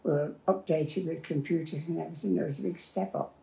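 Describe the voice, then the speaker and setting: Older woman, gravelly and mellow. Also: sits low, steady tone, fast. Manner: plain-spoken, rambling recollection with restarts. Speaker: interviewee. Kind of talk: personal storytelling. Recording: roomy echo.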